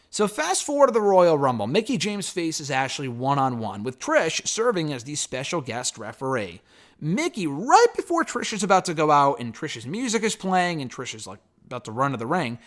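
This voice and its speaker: A man with a slightly high voice recaps a wrestling storyline in a loose, chatty review. His pitch swings widely and stays animated as he goes. He drops in casual swearing and brushes past details with offhand filler. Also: normal speed.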